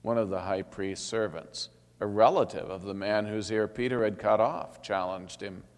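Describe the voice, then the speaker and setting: A man reading a Bible passage aloud in a steady, solemn manner. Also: on the low side, moderate pace. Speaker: scripture reader. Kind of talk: scripted Bible narration. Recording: long hall reverb.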